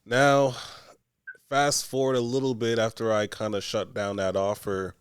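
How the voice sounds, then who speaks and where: A man, a podcast co-host, telling a story in casual chat, animated and profane. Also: fairly low pitch, measured pace, clear, resonant tone, dry recording, studio quality.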